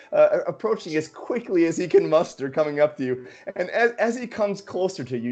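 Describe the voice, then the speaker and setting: A man's voice: fairly high pitch, darkish tone. A man running a tabletop game as game master, narrating in a rambling way with many fillers.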